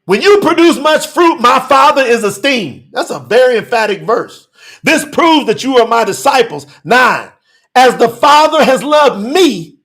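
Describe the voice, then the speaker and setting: A man preaching a sermon, reading scripture verses and commenting on them with emphatic rhetorical questions and bursts of shouting. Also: very high voice, animated, measured pace. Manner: breaks into shouting.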